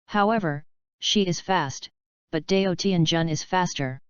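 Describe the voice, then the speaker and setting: Crisp, lowish woman narrating an audiobook. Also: unhurried, dry recording. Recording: dull lo-fi dry recording.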